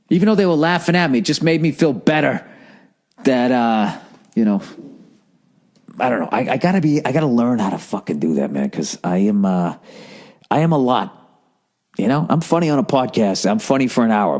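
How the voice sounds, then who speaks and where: A man's voice: on the low side, a little mellow. Profane, self-mocking man in his forties. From United States. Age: 40s. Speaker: podcast host, comedian. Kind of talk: casual storytelling rant.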